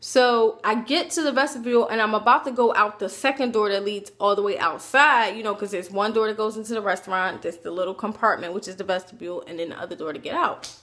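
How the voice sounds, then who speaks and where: A woman telling a personal story to her camera in a casual, animated way, acting out what people said. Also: medium pitch, fast talker, hardly any pauses. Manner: animated, acts out quoted voices, chatty asides. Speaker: vlogger.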